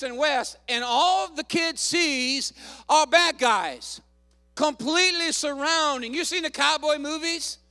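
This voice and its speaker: A man pastor preaching a fervent sermon, calling out hallelujahs and shouting to the congregation. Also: extremely high pitch, dry recording.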